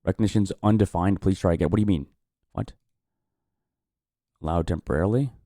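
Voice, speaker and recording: A man's voice: low-pitched, brisk, dark tone, no echo, clean studio sound. A man hosting a live-stream watch party, chatting casually, swearing and reacting with frustration.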